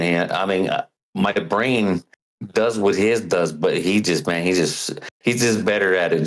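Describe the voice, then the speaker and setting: A longtime caller talking in a rambling, halting way, full of fillers and restarts. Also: male voice, deep voice, rough recording. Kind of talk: casual call-in chat.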